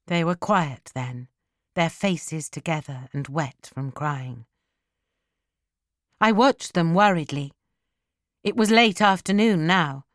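A woman with a low voice narrates an audiobook in a measured, even storytelling style. The sound is studio quality with no room sound.

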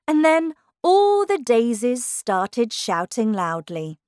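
A woman reads a children's storybook aloud slowly and expressively. Her voice sits fairly high and moves through a wide, lively melody. The sound is close and dry, with no room echo. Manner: slow, expressive, clearly paced reading. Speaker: narrator. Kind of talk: storybook narration.

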